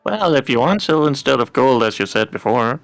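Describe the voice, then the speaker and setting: A man's voice: medium pitch, very animated, a little fast, vocal fry, no room sound, soft background music. A man playing in a tabletop role-playing game, answering in short, laid-back replies. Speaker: player. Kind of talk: casual tabletop game play.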